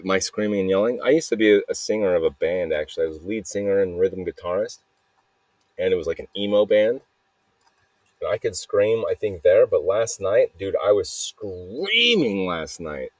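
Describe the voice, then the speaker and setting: A young man from Arizona, slightly hoarse from yelling, talking alone in a rambling, restless, jokey way, with many restarts. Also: low voice, fairly quick, no room sound. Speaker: podcast host. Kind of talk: rambling solo voice memo.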